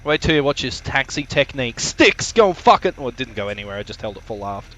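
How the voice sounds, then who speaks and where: A man's voice: medium pitch, quick pace, a bit bright. A man casually commentating his own flight video on a live stream, joking, swearing and rambling with lots of fillers.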